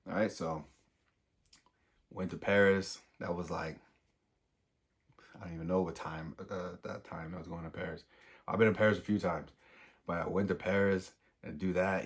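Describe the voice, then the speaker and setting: An American man, a young adult, telling a casual story in an animated, slangy way and acting out the dialogue. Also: deep voice. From United States. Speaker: vlogger.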